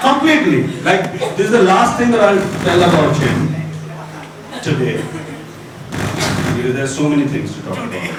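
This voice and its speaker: Lively comedian in echoey hall. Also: male voice, fairly quick, long pauses. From Bengal, India. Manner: storytelling, animated, drops low for deadpan asides. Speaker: stand-up comedian. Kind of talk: stand-up comedy set. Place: college festival stage. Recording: echoey hall with crowd noise, far mic.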